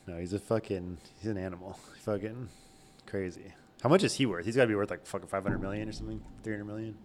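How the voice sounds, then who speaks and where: A man's voice: fairly low pitch, quick pace, slight background noise. A man co-hosting a casual chat, rambling and profane, laughing often and full of fillers.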